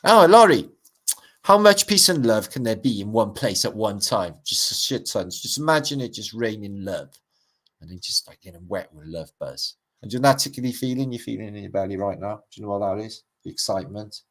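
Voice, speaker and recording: A man's voice: on the low side, animated, a little fast, fairly bright tone. A middle-aged man with a Welsh accent, hosting a livestream, rambling and swearing as he reads out and greets his chat. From Wales. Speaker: livestream host. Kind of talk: casual livestream chat reading out comments.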